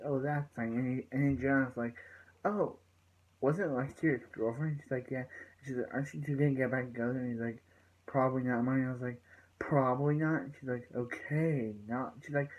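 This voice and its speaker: Over a low-quality recording, a man with a medium-pitched voice loosely recaps a TV episode as a reviewer. He relays what the characters say, filling the gaps with frequent "so yeah"s.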